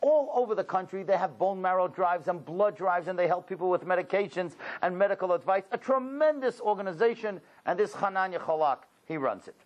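A man's voice: high-pitched, lively intonation, brisk, hardly any pauses, lo-fi sound. A man giving a storytelling talk to a congregation, exclaiming and asking rhetorical questions. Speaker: religious speaker.

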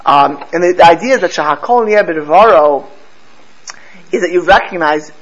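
Animated male storyteller, slightly high voice. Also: normal speed. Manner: animated storyteller with frequent restarts and repeated words. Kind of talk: storytelling Torah lesson. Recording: slightly dull with faint background noise.

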